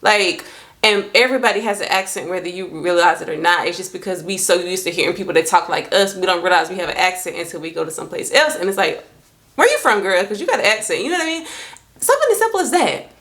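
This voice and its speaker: Expressive young woman vlogging to camera. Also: fast talker. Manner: lively, expressive, jumps up in pitch when quoting herself. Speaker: faith and self-love vlogger. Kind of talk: casual talk to camera.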